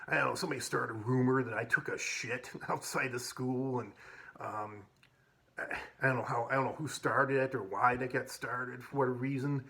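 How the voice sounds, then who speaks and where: A man spins loose, rambling stories from his school years, often starting over mid-sentence. He swears freely. His voice sits at an ordinary middle pitch. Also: steady tone, normal speed, gravelly, sharp tone. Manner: rambling, with many restarts and casual swearing. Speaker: vlogger. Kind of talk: casual storytelling.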